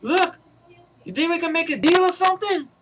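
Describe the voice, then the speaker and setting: A man voicing a panicky male gang member on a radio, talking excitedly and repeating himself, in a noisy home recording. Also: very high-pitched, fairly quick, pitched above the performer's own voice. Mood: wheedling.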